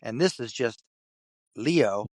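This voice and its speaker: Man, from Kentucky, interview guest, animated storyteller, acts out voices, dry close sound. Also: mid-range voice, slow, dry recording. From Kentucky, USA. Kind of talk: storytelling in conversation.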